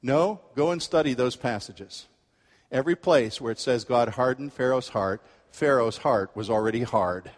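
A male pastor preaching a sermon, telling a story with lively acted-out quotes. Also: medium pitch, normal speed, long reverb tail. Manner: animated storytelling, acts out quoted voices.

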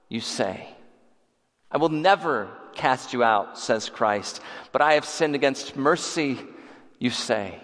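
Slow-speaking male preacher in a reverberant hall. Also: mid-range voice, a bit bright. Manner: repetitive, rising emphatic delivery. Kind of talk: sermon with closing prayer.

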